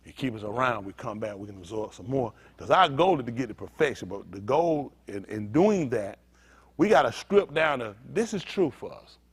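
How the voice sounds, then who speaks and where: A man's voice: mid-range voice, expressive, normal speed, slightly rough. A man preaching a sermon as pastor, talking straight to his congregation in a joking, conversational way. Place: synagogue congregation.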